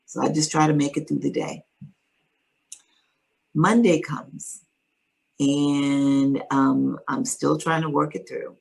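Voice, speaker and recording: A woman earnestly telling a personal story in conversation, measured and steady, with pauses to find her words. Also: deep voice, gravelly, slightly rough, rough recording. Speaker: guest sharing her story.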